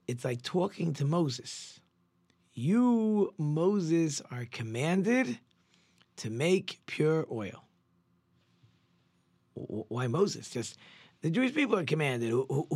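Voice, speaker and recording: A man who is a rabbi, giving a Torah lesson in an animated storytelling way, with sudden jumps in pitch and frequent conversational restarts. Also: husky, dry recording.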